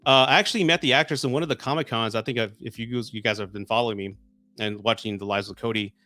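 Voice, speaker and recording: Hosting a laid-back live stream, a man in his forties talks fast and excitedly in a mid-range voice, becoming emotional when his viewers send gifts. The recording has no echo.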